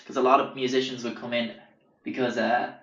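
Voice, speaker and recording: A man's voice: mid-range voice, little pitch movement, a little fast, fairly bright tone. A man hosting a podcast, rambling through sweary anecdotes and acting out the people he quotes. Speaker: podcast host. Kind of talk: casual storytelling. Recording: roomy, dull lo-fi sound.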